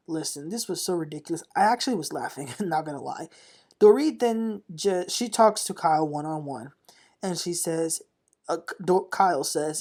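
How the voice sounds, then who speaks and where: A woman's voice: on the low side, lively intonation, moderate pace, darkish tone. A woman hosting a casual reality-TV recap, chatty and opinionated, often laughing as she talks. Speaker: TV recap host.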